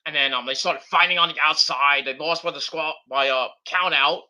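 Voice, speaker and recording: A man's voice: on the high side, moderate pace, bright, forceful tone. A man hosting a casual wrestling predictions show, rambling off the cuff with cursing and mocking nicknames. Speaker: host.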